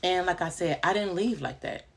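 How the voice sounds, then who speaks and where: A woman's voice: on the low side, moderate pace. A woman who runs a home daycare, giving casual advice in a vlog and stressing her points by repeating them.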